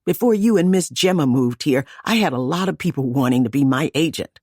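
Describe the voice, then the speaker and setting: A woman's voice: sits low, lively intonation, fairly quick, darkish tone, no room sound, studio quality. A woman voicing a stubborn, boastful young boy who sings in a band. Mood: insistent. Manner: boastful and defensive. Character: confident boy singer, cocky, stubborn.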